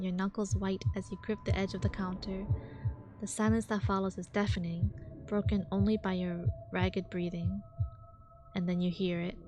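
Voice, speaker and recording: Young woman streamer, jumpy, reads a horror story aloud with squeals, music playing underneath. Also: mid-range voice. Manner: jumpy, squeals and shrieks at scares. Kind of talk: reading a horror visual novel aloud with reactions. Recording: background music.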